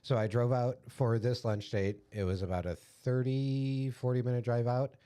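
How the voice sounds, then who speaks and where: A young adult man, a podcast co-host, telling a story in a relaxed, casual way with lots of fillers. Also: mid-range voice, normal speed, clean tone. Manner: laid-back storytelling with fillers. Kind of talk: casual chat.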